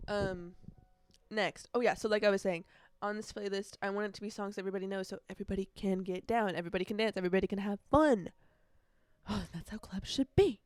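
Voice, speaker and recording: A woman's voice: mid-range voice, fast talker, no room sound. A young woman hosting her own casual podcast, rambling chattily and breaking into snatches of song. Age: young adult. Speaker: podcast host. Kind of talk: casual solo podcast chat. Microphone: earbuds.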